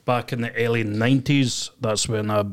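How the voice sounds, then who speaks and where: A Scottish man talking as a podcast guest in a halting way, filling his sentences with "you know" and "obviously". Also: mid-range voice, steady tone, clean tone. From Scotland. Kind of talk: casual podcast interview.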